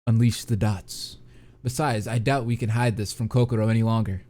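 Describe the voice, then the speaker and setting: A calm, formal young schemer, as a man voices him for a game read-through, speaking low and steady. The delivery is measured and assured. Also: natural voice.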